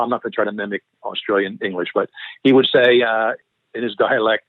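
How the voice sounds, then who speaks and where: Over a tinny, dry phone line with no echo, a middle-aged man with a Philadelphia accent, a former FBI profiler, tells long stories as an interview guest. He rambles, frequently restarting and correcting himself mid-sentence. His voice is medium-pitched and quick-paced.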